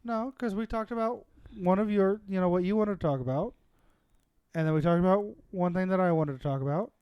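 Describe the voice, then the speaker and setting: A man's voice: sits high, fairly quick, smooth, dry recording, lo-fi sound. A man co-hosting a casual podcast, talking emphatically and ranting with plenty of swearing. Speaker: podcast co-host. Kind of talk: casual chat.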